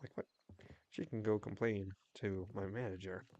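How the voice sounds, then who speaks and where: A man's voice: fairly low pitch, steady tone, dark tone, dull audio. Rambling young man streaming a game. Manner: rambling, storytelling with quick restarts. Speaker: livestreamer. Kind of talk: casual chat while gaming.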